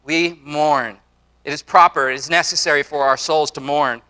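A man in his forties preaches to a congregation in an earnest, conversational way, doubling back on his words and dropping in casual asides. His voice sits high for a man, with a bright, forceful edge. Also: fairly even intonation, normal speed. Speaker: pastor. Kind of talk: sermon. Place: church before a congregation.

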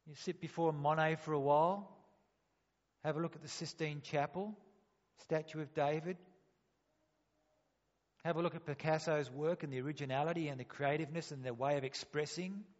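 A man's voice: a little high, steady tone, normal speed, long pauses. A man preaching a sermon, asking rhetorical questions and acting out quotes. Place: church hall. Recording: dull sound, long hall reverb.

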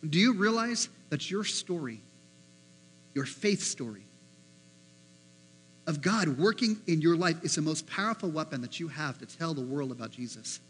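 A man preaching a sermon as pastor, animated, acting out the voices he quotes. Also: a little high, moderate pace, pauses often, slight background noise, rough recording.

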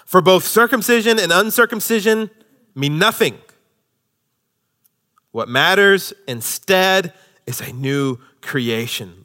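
A male pastor preaching a sermon, swinging from loud, emphatic lines to hushed, near-whispered ones. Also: high voice, lively intonation, takes it slowly, pauses often.

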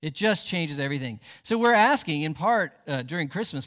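A man's voice: on the high side, animated, fairly quick, a bit bright, big-room sound. A man, a pastor, preaching a sermon in a church sanctuary, emphatic and asking the congregation rhetorical questions.

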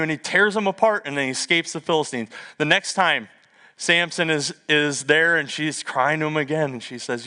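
A middle-aged male pastor preaching a sermon, telling stories in a lively way with humorous asides. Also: on the high side, moderate pace. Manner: lively storytelling with asides and self-deprecating humor.

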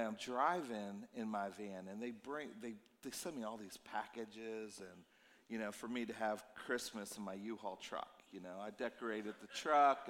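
A man in his fifties, a pastor preaching a sermon, telling stories in a conversational way and sounding tired. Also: mid-range voice. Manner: conversational storytelling, animated and emotional in places. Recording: long reverb of a church hall.

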